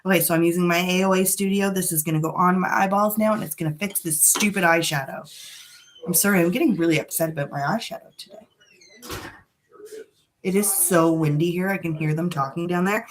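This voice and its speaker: A beauty vlogger with a lowish voice talks briskly through a casual live makeup tutorial from a room at home, with slight background noise. She is frank and a bit dramatic as she chats.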